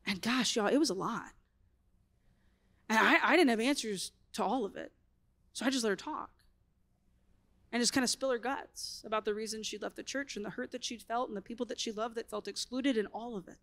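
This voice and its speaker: A woman, telling a personal story at a conference in a chatty, animated way full of "like" fillers. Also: fairly high pitch, brisk. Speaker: speaker.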